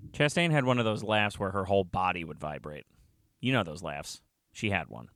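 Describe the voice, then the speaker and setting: Guy reading a story first person, lowish smooth voice, wry asides, dry close sound. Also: fairly bright tone, dry recording. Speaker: narrator.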